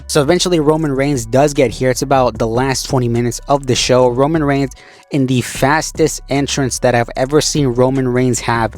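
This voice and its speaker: A man recapping a show in a loose, conversational way, leaning on fillers as he goes. His voice sits at an ordinary middle pitch. Soft music plays faintly underneath. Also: steady tone, moderate pace. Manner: conversational, loose, with frequent "you know" and "like". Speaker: wrestling show recap host. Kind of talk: casual spoken recap.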